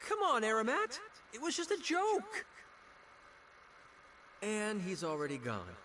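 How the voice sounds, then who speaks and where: A friendly young male hero from a game, gentle and reassuring. His voice sits high and bright. It swings widely in pitch. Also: wildly swooping pitch, unhurried, a little hiss or hum, exaggerated voice. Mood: playful. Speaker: game character.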